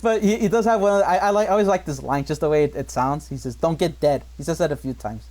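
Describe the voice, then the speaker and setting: Man, podcast host, casual chat, slightly high pitch, frequent laughter, casual swearing. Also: fairly even intonation, very fast, a little mellow, poor audio. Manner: laughs often, quotes movie lines, swears casually.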